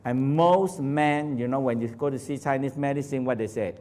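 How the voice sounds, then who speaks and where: Man, workshop teacher, broken English, lively questions, frequent laughter. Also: medium pitch, normal speed. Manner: animated, asks the audience constant questions, laughs often; non-native English with dropped grammar. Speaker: Taoist teacher. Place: training center hall.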